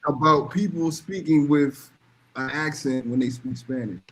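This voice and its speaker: A man's voice: on the high side, unhurried, fairly bright tone, slight background noise. A man speaking casually and insistently on a panel discussion, with frequent swearing.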